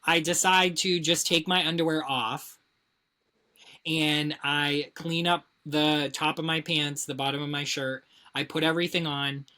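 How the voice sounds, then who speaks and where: A woman co-hosting a podcast, telling a story in casual chat, animated and heavy on swearing and filler words. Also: sits low, unhurried. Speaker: podcast co-host.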